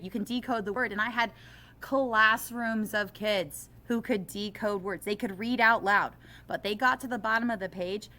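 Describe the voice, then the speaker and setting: Animated, bright-voiced woman teacher. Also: medium pitch. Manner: animated, self-deprecating, impassioned. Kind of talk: interview.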